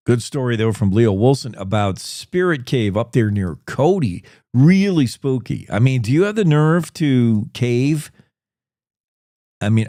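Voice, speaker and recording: A man hosting a talk show, talking in a casual, rambling way and often starting sentences over. He speaks slowly and takes his time. The sound is dry and close, with almost no room echo. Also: medium pitch, darkish tone. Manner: rambling, chatty, thinks aloud with restarts. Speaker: show host. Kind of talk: casual news chat.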